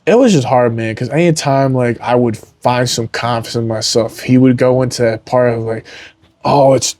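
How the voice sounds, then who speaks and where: A man's voice: mid-range voice, fairly even intonation, moderate pace, darkish tone, dry recording. A young adult man, a fighter on a podcast, talking candidly and earnestly, rambling with lots of "like" and "man". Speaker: podcast guest, MMA fighter. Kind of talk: candid emotional interview talk.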